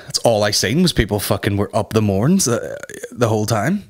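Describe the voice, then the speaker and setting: A man's voice: big pitch swings, normal speed. Sweary man telling stories. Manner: sweary storytelling, jumps into high mock voices. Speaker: podcast host. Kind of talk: casual comedic monologue.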